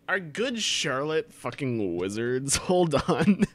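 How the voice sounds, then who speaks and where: A man's voice: medium pitch, sing-song, takes it slowly, few pauses, fairly bright tone. A man giving an over-the-top comic reading aloud to friends, stumbling and swearing for laughs, on a desk mic during a voice call. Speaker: reader of a fan fiction for friends.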